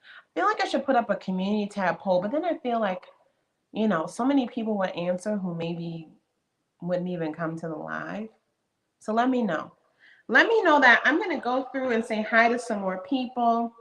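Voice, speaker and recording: This is a woman in her fifties hosting a casual live stream. Her voice is bright and pitched a little high. She chats in a friendly, upbeat way, welcoming viewers one after another. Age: 50s. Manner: greets viewers by name, chatty and upbeat. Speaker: livestream host.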